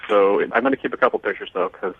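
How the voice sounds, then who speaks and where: A man's voice: fairly low pitch, quick pace, phone-quality sound, heavy background noise. A man on a radio show, hesitant and sheepish, stammering as he explains himself. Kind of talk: on-air conversation.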